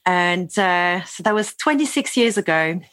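A woman's voice: on the low side, expressive, a little slow, a bit bright, no room sound. Chatty woman in her forties, from France. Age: 40s. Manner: chatty, laughs often, restarts sentences. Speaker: podcast guest. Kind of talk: casual conversation.

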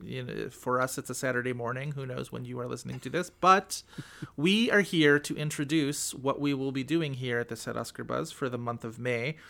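A man's voice: medium pitch, fairly even intonation, normal speed, creaky, bright, forceful tone. A man hosting a film podcast in casual chat, talking loosely with lots of fillers and easy laughs. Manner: chatty, lots of "like", laughs easily. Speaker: podcast host.

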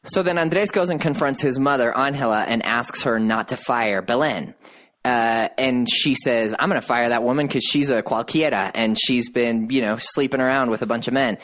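A man co-hosting a podcast, casually retelling a TV drama plot with lively quoted voices. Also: normal speed. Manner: animated storyteller, voices quotes with rising pitch. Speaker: podcast co-host. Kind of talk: casual chat, recapping a TV drama.

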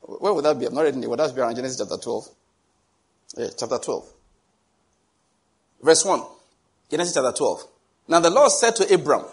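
Man preaching, husky voice, fairly high pitch, emphatic, questions the congregation. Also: expressive, a little fast, long pauses. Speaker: pastor. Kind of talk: sermon.

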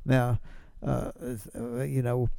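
A man's voice: mid-range voice, level tone, takes it slowly, gravelly, dark tone, no echo. A man hosting a political commentary show, chatty, asking rhetorical questions and chuckling. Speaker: podcast host.

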